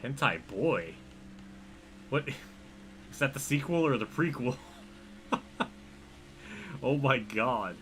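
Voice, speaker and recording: Male racing-game streamer, Pennsylvania accent, mid-range voice with a crisp edge, rambling live commentary. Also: medium pitch, animated, slow pace, pauses often, fairly bright tone, a little hiss or hum. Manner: rambling, self-deprecating, reacting to chat.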